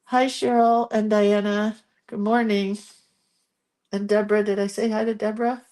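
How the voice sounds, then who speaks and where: A woman's voice: mid-range voice, flat delivery, normal speed, mellow. A woman hosting a casual live art stream from her home craft room, chatting and greeting viewers by name. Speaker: art livestream host.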